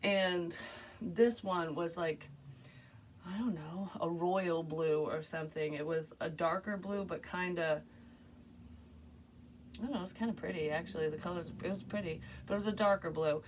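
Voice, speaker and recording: A woman's voice: on the low side, normal speed, a little hiss or hum. A woman psychic casually retelling a strange dream to camera, rambling, swearing and filling with "like". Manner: rambling, animated, swears freely, frequent "like" fillers. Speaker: psychic medium sharing a dream.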